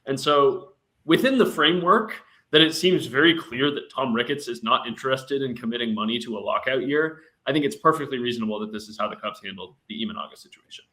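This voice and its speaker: A man's voice: medium pitch, fast, pushed and bright. A man on a sports podcast who talks casually and thinks aloud, with lots of fillers and restarts. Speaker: podcast panelist.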